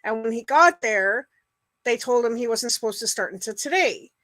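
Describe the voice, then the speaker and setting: A middle-aged woman hosts a casual livestream, chatting with live viewers, greeting them by name and rambling with plenty of fillers. Her voice is fairly high and animated, a bit bright, at a moderate pace, with no room sound.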